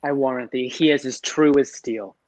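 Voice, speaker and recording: A woman's voice: very deep voice, moderate pace, a little mellow, dry recording. A woman playing an earnest young male lover in a Shakespearean stage drama, declaiming. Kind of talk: Shakespearean stage acting over video call.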